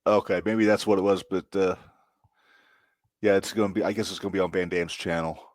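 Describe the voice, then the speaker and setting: A man co-hosting a podcast in casual chat, relaxed and full of fillers. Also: deep voice, brisk, dry recording. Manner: relaxed, filler-heavy, chatty. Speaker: podcast co-host.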